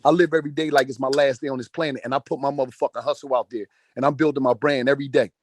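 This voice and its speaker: A man's voice: mid-range voice, steady tone, rapid-fire. A man in his forties giving a profane, emphatic motivational rant over a phone call, repeating phrases for force. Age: 40s. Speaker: speaker in a group audio call. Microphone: phone on an audio call.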